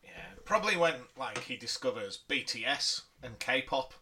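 A man's voice: medium pitch, animated, moderate pace, pushed and bright, slight background noise. A man co-hosting a podcast in casual chat, playful and fond of spinning comic scenarios. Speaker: podcast co-host.

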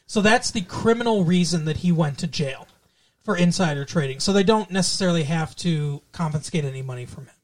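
A man with a slightly high voice co-hosts a podcast, talking fairly quickly in casual chat about a TV show. He rambles, often trailing off and restarting mid-thought.

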